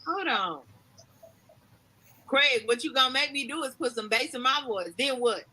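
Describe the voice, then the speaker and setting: A man doing a shrill whiny young woman. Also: animated, normal speed, sharp tone, husky, full character voice, low-quality recording. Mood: pleading. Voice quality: squealing, whiny high voice. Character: shrill excitable young woman named Ness. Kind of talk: comedy skit character voice.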